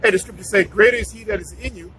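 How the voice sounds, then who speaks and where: Brief: high, bright male bible teacher, stop-start preachy delivery, faint traffic behind. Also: very fast, low-quality recording. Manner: preachy, repeats words, many restarts. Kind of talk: casual scripture talk.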